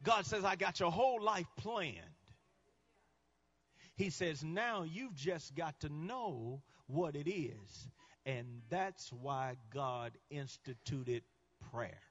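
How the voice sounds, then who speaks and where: A male guest preacher delivering a sermon, swinging between quiet teaching and shouted climaxes. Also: on the high side, slow, highs cut off.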